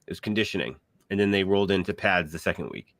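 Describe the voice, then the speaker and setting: A man's voice: sits low, quick pace, fairly bright tone, dry recording. A middle-aged man co-hosting a casual podcast chat, rambling through everyday stories and acting out what other people said. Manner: rambling storyteller, acts out quoted voices. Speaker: podcast co-host.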